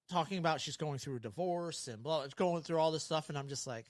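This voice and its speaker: In clean, echo-free studio sound, a middle-aged man with a higher-pitched voice co-hosts a casual podcast over beers. He talks briskly, rambling through stories, acting out quotes, and laughing often.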